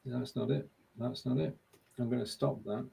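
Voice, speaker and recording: A man with a gravelly voice, sitting at mid pitch, co-hosts a casual live-stream quiz. He keeps up a friendly quizmaster patter and murmurs half to himself as he fiddles with the on-screen controls. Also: steady tone, normal speed, mellow, low-quality recording. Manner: mutters to himself while working the screen share. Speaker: co-host running a live quiz show.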